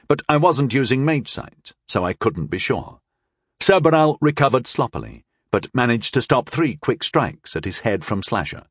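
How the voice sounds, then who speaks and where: A male narrator reads a first-person fantasy tale with wry, expressive delivery. His pitch moves lively through each sentence, and the recording is dry and close with no room sound. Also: dry recording. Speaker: audiobook narrator.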